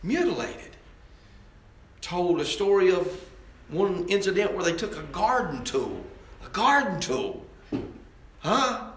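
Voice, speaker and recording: A man preaching a fiery sermon, jumping from loud outbursts to low, quiet asides. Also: sing-song, takes it slowly, long pauses. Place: church sanctuary. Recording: roomy church echo.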